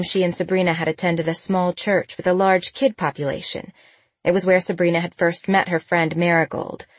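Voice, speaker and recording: A woman narrating a novel as an audiobook, in a steady, even storytelling manner. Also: lowish voice, dry recording. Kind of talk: scripted narration.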